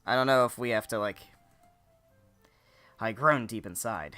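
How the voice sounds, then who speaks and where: Let's-play host, male, bright and forceful, reads game text and cracks crude jokes over soft music. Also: medium pitch, a little slow, long pauses, clear, resonant tone. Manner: joking, crude asides between read lines. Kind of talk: reading a visual novel aloud with commentary.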